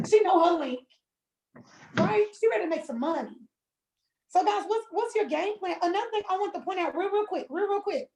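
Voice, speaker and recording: A woman leading a casual business training call, talking in an animated, emphatic and plain-spoken way. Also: extremely high pitch, reverberant, rough recording. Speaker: network marketing trainer.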